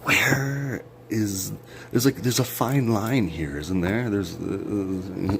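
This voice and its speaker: A man's voice: on the low side, takes it slowly, slight background noise. A man ranting into his phone or camera in a rambling, sarcastic monologue, swearing a lot and breaking into laughs. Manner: profane, sarcastic, jumpy rants with sudden laughs. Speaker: vlogger.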